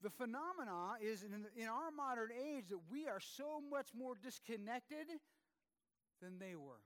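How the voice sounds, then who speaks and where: A man's voice: very high voice, lively intonation, measured pace, fairly bright tone. A man delivers a church sermon. He talks to the congregation casually, poking fun at himself, with plenty of ums and restarts. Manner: conversational, self-deprecating, with many fillers and restarts. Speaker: pastor.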